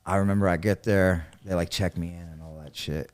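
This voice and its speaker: A man from New York tells a long story in a relaxed, lowish voice. He swears freely and acts out other people's words, jumping loud and high for the quotes and then sinking back to a low mutter. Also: a little fast. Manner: animated, acts out quotes with sudden loud jumps. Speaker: podcast guest. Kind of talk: casual storytelling.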